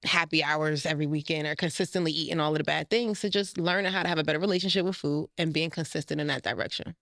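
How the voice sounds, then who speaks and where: A woman life coach telling her own story fast and candidly. Her voice is close and dry, with no room around it, and it often rises high when she gets emotional. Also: vocal fry, a bit bright, no echo. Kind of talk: candid personal interview.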